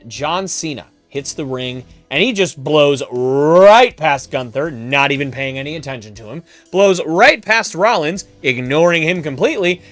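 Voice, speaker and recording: A man hosting a podcast, narrating a made-up wrestling storyline with animated, emphatic delivery. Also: fairly high pitch. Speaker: podcast host.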